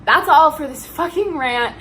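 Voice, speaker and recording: Young woman, bright voice, fairly high, heated profane rant, faint background hiss. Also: expressive, a little slow, rough recording. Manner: heated, profane, emphatic ranting. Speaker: vlogger. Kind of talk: ranting vlog.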